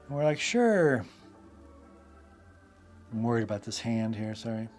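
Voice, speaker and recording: A man's voice: fairly low pitch, quick pace, warm tone, soft background music. A man hosting a live drawing stream, telling casual stories in a loose, rambling way full of fillers and asides. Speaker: host and illustrator.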